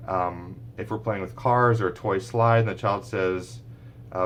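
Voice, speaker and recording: Man, very deep voice, speech therapist, casual teaching talk, lots of ums and restarts, faint hum behind. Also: steady tone, normal speed. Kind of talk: informal teaching talk to parents.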